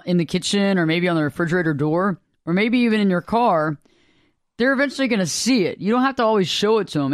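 A man with a notably high voice hosts a spiritual talk show, speaking earnestly and looping back over his points. The sound is close and dry, with no room around it. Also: dry recording. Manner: earnest, rambling, repeats himself.

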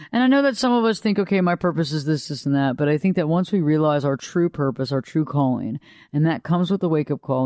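A woman with a lower voice than she'd like, giving an unhurried, reflective motivational talk that repeats phrases and asks the listener questions. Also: darkish tone, no echo, studio quality. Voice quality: lower voice than she wished for. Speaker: motivational speaker.

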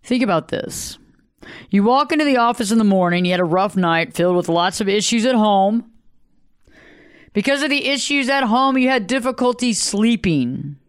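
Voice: medium pitch, animated, normal speed, smooth, dry recording, clean studio sound. A motivational speaker giving a conversational talk, asking the listener questions and acting out everyday greetings. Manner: acts out greetings in varied voices.

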